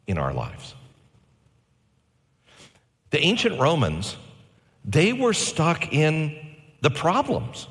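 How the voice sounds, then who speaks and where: A pastor in his forties delivering a sermon with animated, varied delivery and slow, emphatic phrases. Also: mid-range voice, big-room sound.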